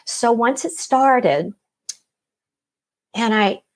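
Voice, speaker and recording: A woman's voice: on the high side, expressive, drawn-out words. A middle-aged woman casually telling her own story, acting out the voices of the people in it. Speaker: guest telling her near-death experience.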